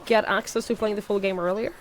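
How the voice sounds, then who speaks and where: A woman's voice: medium pitch, fairly even intonation, fast talker, slight background noise. A woman streamer with a sick voice, chatting casually and swearing while playing a game. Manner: chatty, swearing, self-mocking. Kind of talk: casual gameplay commentary.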